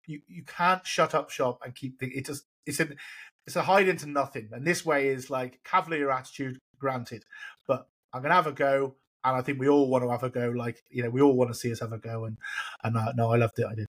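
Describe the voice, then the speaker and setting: A man's voice: medium pitch, steady tone, fairly quick, fairly bright tone, slightly rough. A man co-hosting a football podcast, speaking as an enthusiastic fan in casual chat. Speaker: podcast co-host.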